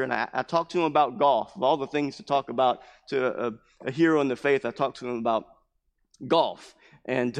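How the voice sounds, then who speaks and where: A man preaching a sermon as pastor, impassioned and repetitive, bursting into loud emphases. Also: mid-range voice, big-room sound. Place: church building.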